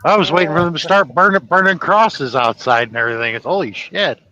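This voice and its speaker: A man's voice: on the high side, expressive, bright, forceful tone, muffled recording, a little hiss or hum. A man hosting a casual livestream chat, telling funny stories and breaking into laughter. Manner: laughing storyteller doing quick impressions of characters. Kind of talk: casual chat, retelling movie scenes.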